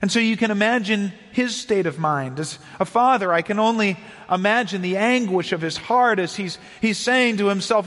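A man preaching a sermon as a pastor, earnest and measured, slowing down for emphasis. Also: high-pitched, a bit bright, in a large hall.

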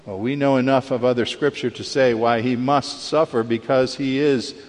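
A man preaching a sermon, emphatic, rising sharply in pitch when he acts out quoted lines. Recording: long reverb of a large hall.

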